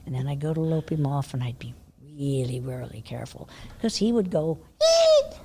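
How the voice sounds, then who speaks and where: An older woman, a horse trainer appearing as an interview guest, tells horse-show stories in a casual chat, animated and laughing often, her voice dropping to a hush when she quotes herself. She has a bass voice, talks a little fast, and there is heavy background noise.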